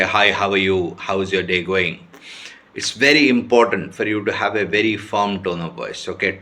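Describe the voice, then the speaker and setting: A man teaching sales skills in an informal talk to camera, often checking in with his listeners and pausing on fillers. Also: fairly low pitch, fairly bright tone. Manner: repeats checking questions and hesitates with many fillers. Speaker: sales trainer.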